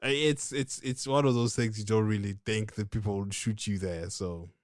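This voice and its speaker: A woman co-hosting a podcast in casual chat, laid-back and unhurried. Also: very deep voice, fairly even intonation, a little mellow, dry recording, clean studio sound. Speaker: podcast co-host.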